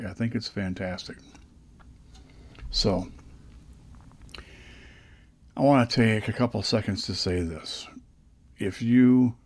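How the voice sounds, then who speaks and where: An older man with a fairly low voice rambles through casual vlog stories, often restarting his sentences. He talks close into a dynamic studio microphone. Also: a little mellow. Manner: rambling, chatty, frequent restarts. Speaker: podcast host.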